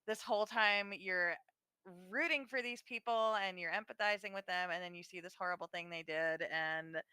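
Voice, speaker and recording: A woman's voice: on the low side, normal speed, sharp tone, smooth, no room sound. A woman co-hosting a podcast, reflecting earnestly on a film she finds upsetting. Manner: earnest, reflective, emotionally invested. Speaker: podcast co-host. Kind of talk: casual movie discussion.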